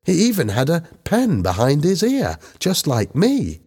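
A man doing an ambitious teenage schoolboy reporter, matter-of-fact, raised pitch, storybook reading. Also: wildly swooping pitch, measured pace, a little mellow, breathy edge, exaggerated voice.

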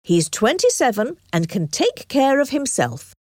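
A woman's voice: sits high, huge pitch swings, a little slow, a little mellow, dry recording, studio quality, pitched above the performer's own voice, full character voice. A woman voicing a respectable man in his late thirties who speaks plainly and directly. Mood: frank.

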